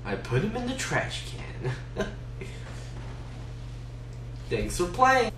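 A man doing goofy, shouty gameplay commentary full of mock panic. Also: sits high, wildly swooping pitch, drawn-out words, reverberant, distant mic, a little hiss or hum.

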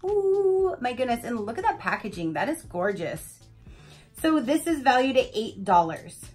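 A woman's voice: on the high side, big pitch swings, moderate pace, darkish tone, faint music behind. Gushing chatty woman unboxing vlogger. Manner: gushing, chatty, many "like"s and "you guys". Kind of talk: casual product review.

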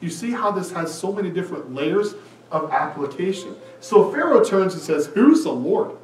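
Male pastor, high and expressive delivery, heard from a distance in a reverberant hall, faint room noise. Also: normal speed. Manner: animated preaching, acts out quoted lines. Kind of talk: sermon. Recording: echoey room, mic at a distance.

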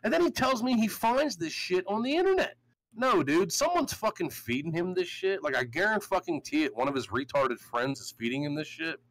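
A man's voice: sits high, very animated, a little fast, fairly bright tone, poor audio. A man hosting a podcast, ranting in a heated, profane, storytelling way. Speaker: show host. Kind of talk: casual podcast rant.

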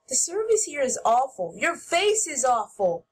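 A woman giving playful gameplay commentary as host, goofy and shouting mock-angrily at other players. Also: high voice, sing-song, takes it slowly.

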